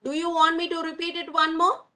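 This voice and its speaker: A woman's voice: extremely high pitch, monotone, bright, forceful tone, poor audio. A woman teaching young children online, repeating words for them and calling them "my dear children". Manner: calls pupils "my dear children", drills words slowly. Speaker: primary school English teacher.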